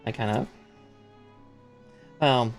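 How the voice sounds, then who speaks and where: A man's voice: mid-range voice, very slow, faint music behind. A man chatting casually on a live stream as he builds a model kit. He laughs often and reads part numbers aloud between stories.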